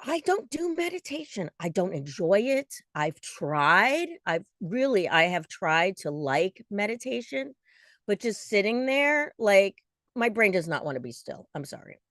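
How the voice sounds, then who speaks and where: A woman's voice: medium pitch, big pitch swings, unhurried, a bit bright, no room sound, studio quality. A woman in her forties chatting in a casual vlog, restless and self-deprecating, with lots of fillers. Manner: talks in restless bursts with many fillers. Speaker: vlogger.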